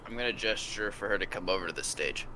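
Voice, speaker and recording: A man playing a tabletop game, excitable and animated. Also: lowish voice, fast talker, noisy background. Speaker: player. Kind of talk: casual tabletop play.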